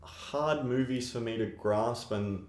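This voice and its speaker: A man weighs his thoughts on a film in relaxed conversation, pausing and hedging as he speaks. His voice sits at a middling pitch. The room is echoey. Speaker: podcast co-host. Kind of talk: casual film discussion.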